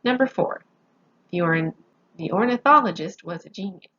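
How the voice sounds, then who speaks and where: A woman's voice: fairly low pitch, animated, moderate pace, bright, forceful tone, slightly rough, lo-fi sound. A woman teaching a grammar lesson, patiently explaining each point step by step with examples, sounding sleepy. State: sleepy, yawning.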